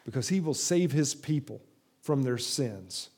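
A man preaching a sermon, moving from emphatic, raised passages to slow, quiet stretches as he quotes scripture. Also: medium pitch, lively intonation. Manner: reads and quotes scripture aloud, rising for quoted voices. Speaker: pastor.

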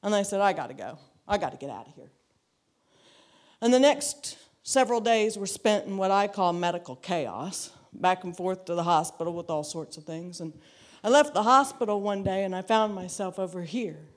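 A woman's voice: mid-range voice, moderate pace. A woman giving a personal testimony to a church, earnest and reflective, repeating phrases for emphasis. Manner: acts out quoted dialogue in her story.

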